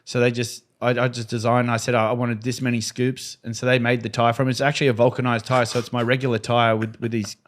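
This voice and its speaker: A man guest on a podcast, telling his stunt stories in a casual, animated way and acting out the voices of the people in them. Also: mid-range voice, quick pace, hardly any pauses. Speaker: podcast guest, freestyle motocross rider. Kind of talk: casual storytelling.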